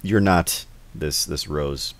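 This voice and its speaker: A very deep-voiced man hosting a relaxed interview. He stumbles and restarts his sentences often and fills pauses with "uh" and "um.". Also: slight background noise. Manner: hesitant, full of restarts and fillers. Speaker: host. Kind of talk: casual interview.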